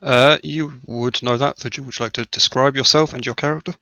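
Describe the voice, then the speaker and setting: Bright-voiced man running the game. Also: medium pitch, steady tone, vocal fry, no room sound, low-quality recording. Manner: measured, descriptive narration. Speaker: game master. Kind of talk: narrating a tabletop game.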